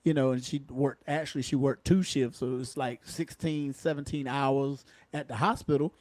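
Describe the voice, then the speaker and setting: A man's voice: mid-range voice, fairly even intonation, moderate pace, darkish tone, no room sound. A man who is a retired police officer and comedian, telling folksy patrol stories in casual podcast chat. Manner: folksy, Southern-flavored slang, chuckles at his own stories.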